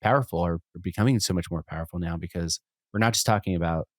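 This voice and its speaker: A man with a very low voice talks through his ideas as a podcast guest, circling back and restarting often. The sound is close and dry, with no room around it. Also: fast talker, dry recording. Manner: reflective, rambling with restarts and laughs. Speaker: podcast guest, musician and entrepreneur. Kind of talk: casual conversation.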